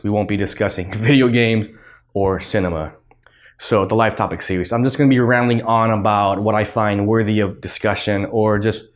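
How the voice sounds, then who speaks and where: A man with a fairly low voice hosts his own podcast and talks in a loose, rambling way. He is blunt and drops casual swear words as he goes. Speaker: podcast host. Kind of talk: casual solo commentary.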